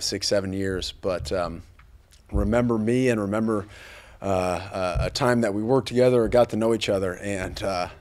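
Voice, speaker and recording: A fairly low-voiced man in his thirties speaks as a football coach at a press conference. He sounds earnest and grateful, and he restarts his sentences often. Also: darkish tone. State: a little choked up.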